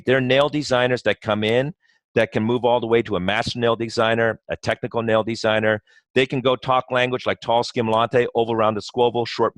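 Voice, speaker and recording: A man's voice: mid-range voice, no echo. A man speaking as a guest in a podcast interview, talking passionately in long runs full of "you know" and restarts. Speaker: guest, company co-founder.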